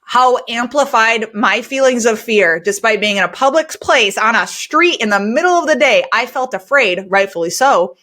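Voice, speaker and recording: A woman's voice: fairly high pitch, animated, moderate pace, hardly any pauses, bright, forceful tone. A woman hosting a podcast for cleaning business owners. She talks in an earnest, conversational way and uses a lot of fillers. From United States. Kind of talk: candid storytelling podcast talk.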